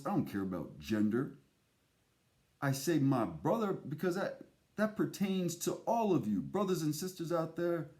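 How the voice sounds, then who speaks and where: A man hosts his own show with a rambling, theatrical, erratic monologue, swearing often and jumping between thoughts. His voice is mellow and medium-pitched.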